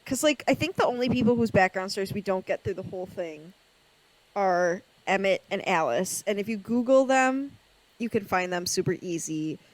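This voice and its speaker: A woman in a casual podcast chat, sassy and self-mocking with frequent laughs. Her voice sits at an everyday pitch and sounds close and dry, with no room around it. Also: lively intonation, moderate pace, no room sound, rough recording. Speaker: podcast co-host.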